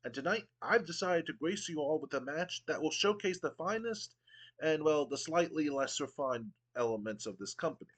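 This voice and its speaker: A man's voice: fairly high pitch, lively intonation, normal speed, a bit bright, voice pushed up. A man voicing a smug, pompous male wrestling commissioner who talks down to the crowd in a haughty, lofty manner. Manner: haughty, lofty, condescending speech.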